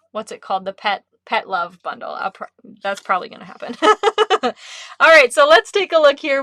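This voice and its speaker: A woman hosts a live card-making class in a chatty, upbeat way that breaks easily into giggles. Her voice sits at an ordinary middle pitch. The sound is dry, with no room echo. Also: a bit bright. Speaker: craft instructor.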